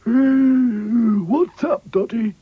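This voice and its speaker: A man putting on a raised, friendly cartoon voice for a handy male rag doll who speaks easily and reassuringly. There is a soft breathiness in it. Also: very high voice, extremely slow, breathy edge, dry recording, phone-quality sound, voice pushed up, exaggerated voice. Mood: easygoing.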